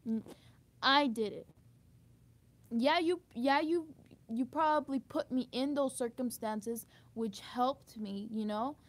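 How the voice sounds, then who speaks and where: A woman's voice: fairly high pitch, takes it slowly. A young woman venting in a candid monologue, emotional and frustrated, swearing often and saying "like" a lot. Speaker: vlogger.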